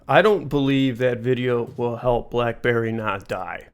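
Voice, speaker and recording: A man's voice: medium pitch, a little slow, clear, resonant tone. Man with blunt, dry comebacks. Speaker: podcast co-host. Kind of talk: comedic podcast banter.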